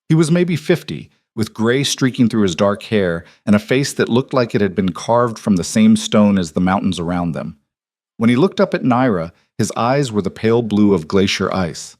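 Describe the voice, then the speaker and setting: A man narrating a fantasy story in an even, measured way. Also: deep voice, no echo, clean studio sound.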